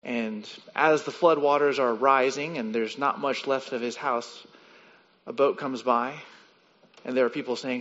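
A man's voice: fairly even intonation, a little slow, fairly bright tone. A pastor preaching a sermon, teaching and sometimes acting out the voices in his stories. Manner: teaching, acts out story voices with rising pitch. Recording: muffled sound with long hall reverb.

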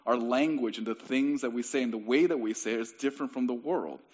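A man's voice: mid-range voice, fast talker, darkish tone. A young man preaching a sermon as pastor, in a casual, conversational way with frequent restarts. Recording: dull lo-fi recording.

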